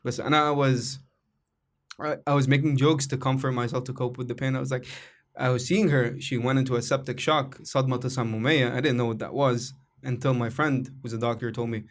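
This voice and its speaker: Young Egyptian male podcast host and comedian; quick, heartfelt, rambling delivery, mid-range voice. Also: mid-range voice, steady tone. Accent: Egyptian Arabic. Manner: emotional, rambling with restarts and laughs. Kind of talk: casual podcast conversation.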